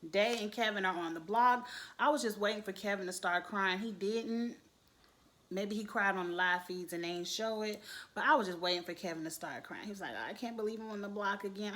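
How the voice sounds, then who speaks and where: A woman giving blunt, animated commentary on a reality show, swearing and speaking straight to her viewers. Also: medium pitch. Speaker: youtube reality show reviewer. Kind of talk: casual commentary.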